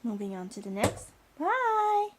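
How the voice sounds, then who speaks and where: High, sing-song woman coaxing a toddler. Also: expressive, measured pace, heavy background noise. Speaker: parent. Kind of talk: coaching a toddler through a picture book.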